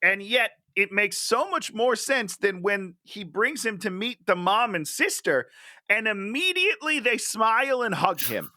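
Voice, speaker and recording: A man in a casual movie-review conversation, mocking the story and slipping into exaggerated voices for the characters. His voice is bright and swings widely in pitch. The sound is dry and close. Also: very animated, unhurried, no echo. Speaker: podcast co-host.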